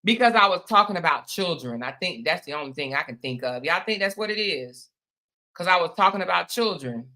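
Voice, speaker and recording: Woman livestream host, bright voice, chatty and familiar, greets viewers by name. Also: on the low side, lively intonation, brisk. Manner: chatty, greets viewers by name, calls them y'all and honey. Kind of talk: casual live-stream chat with viewers.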